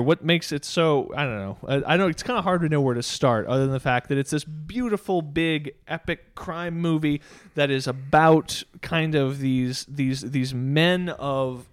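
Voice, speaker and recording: Man, podcast host, casual film talk, slightly high voice, animated, dry close sound. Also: no echo. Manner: animated, laughs often, quotes lines in put-on voices. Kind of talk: casual movie discussion.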